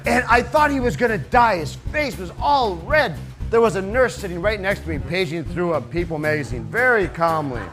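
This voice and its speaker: A man with a fairly high voice tells a personal story live on a theater stage. He is animated and conversational, then softens for the sad passages. A faint guitar plays underneath. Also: moderate pace. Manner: animated, conversational, drops soft for sad moments.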